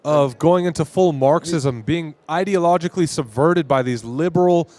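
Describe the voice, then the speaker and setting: A man's voice: on the high side, moderate pace, a little mellow. A man from Arizona speaking in an emphatic, opinionated way in a casual conversation at a convention. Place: convention floor.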